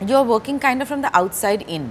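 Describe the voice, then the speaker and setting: A woman's voice: on the high side, lively intonation, brisk. Woman, stage interview guest, hesitant, fillers, faint hiss behind. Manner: hesitant, many fillers, soft-spoken. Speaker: actor and director, interview guest. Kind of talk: candid live interview on stage. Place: stage before a live audience.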